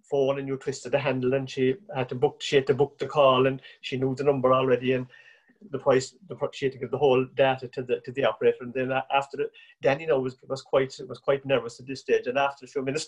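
A man with an Irish accent telling a folksy family anecdote at a relaxed, rambling pace. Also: medium pitch, fast, dull audio. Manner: relaxed, rambling yarn-spinning. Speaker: storyteller.

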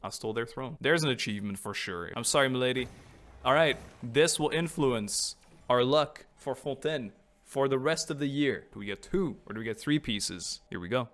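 A man's voice: medium pitch, moderate pace, a bit bright. A man giving casual, chatty commentary on his gameplay, joking and laughing often. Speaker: gaming streamer.

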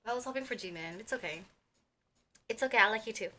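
A young woman, unboxing an album as a vlogger and gushing like an excited fan, with squeals and gasps between chatty asides. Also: a little high, quick pace.

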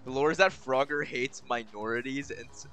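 A young man streaming a game, swearing constantly and bursting into exasperated shouts. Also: medium pitch, normal speed, soft background music. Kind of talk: live gaming commentary.

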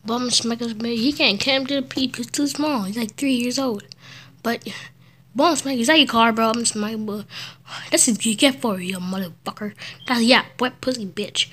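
A woman in a playful fan parody, brash and profane, jumping between character voices, loud outbursts and whispers. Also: on the high side, normal speed, breathy edge.

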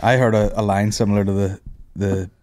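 A man's voice: on the low side, flat delivery, brisk, a little mellow, no room sound. A man, hosting a casual comedy podcast, swearing and laughing through anecdotes. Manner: swears freely, laughs often, tells anecdotes. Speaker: podcast host.

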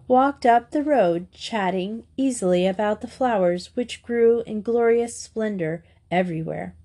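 Casting: woman, warm mellow storybook reader, steady pace. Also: mid-range voice. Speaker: audiobook reader. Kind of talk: storybook narration.

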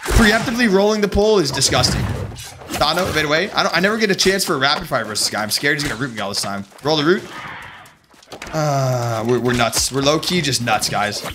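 A young man streaming a PvP game, firing off profane, hyped callouts and shouting at big plays. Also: on the high side, animated, quick pace, background noise. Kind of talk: live gameplay commentary. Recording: game music behind voice.

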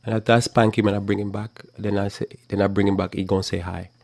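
A man's voice: lowish voice, flat delivery, fast, gravelly, a little mellow, dry recording, studio quality. A middle-aged man teaching the Bible in a conversational sermon, acting out little exchanges as he preaches. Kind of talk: live talk program sermon.

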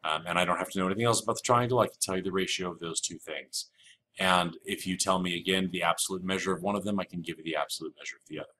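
In a recorded flipped-classroom geometry lecture, a male math teacher with a deep voice races through the material in a pushed, bright tone, explaining step by step and repeating key rules with casual fillers. There is slight background noise.

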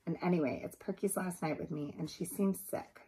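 A woman's voice: on the low side, fairly quick, dark tone, husky, poor audio. A woman reading aloud, voicing an earnest young boy caring for pets in a picture book.

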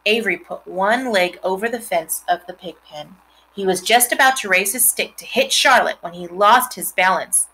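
A woman reading a children's novel aloud, expressive, with chatty asides to her listeners. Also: medium pitch, normal speed, a little hiss or hum, low-quality recording. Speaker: reader.

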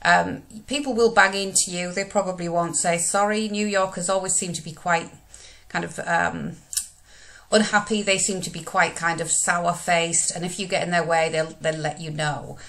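A woman's voice: on the low side, steady tone, normal speed, a bit bright. A woman, giving a recorded lesson over slides in a conversational manner with frequent fillers. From United Kingdom. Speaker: teacher.

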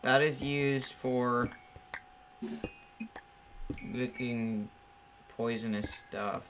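Slow, dry-spoken young man. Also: medium pitch, steady tone, background noise. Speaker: co-player. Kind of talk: casual gaming chat.

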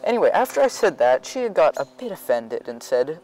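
A man's voice: a little high, big pitch swings, fairly quick, hardly any pauses, darkish tone, slight background noise, rough recording. A teenage boy telling a rambling, sarcastic storytime rant, stitching it together with constant fillers. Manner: rambling, sarcastic, keeps saying anyway. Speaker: vlogger.

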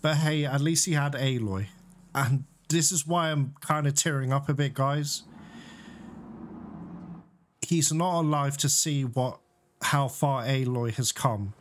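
A man's voice: mid-range voice, measured pace, long pauses, slight background noise. Chatty man commenting on a game. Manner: chatty, emotional, keeps addressing viewers. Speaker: let's play host. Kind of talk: casual gameplay commentary.

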